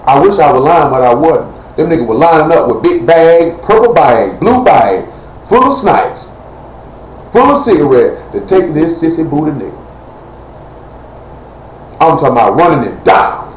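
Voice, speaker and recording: Slangy preacher in an echoey room. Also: male voice, fairly high pitch, very animated, moderate pace, long pauses. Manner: loose, joking street talk, Southern American. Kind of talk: informal live-streamed sermon. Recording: echoey room with faint ambient noise.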